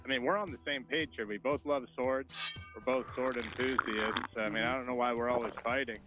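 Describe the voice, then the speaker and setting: A man making a deadpan prank phone call, halting and sincere-sounding. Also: mid-range voice, music in the background. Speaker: prank caller.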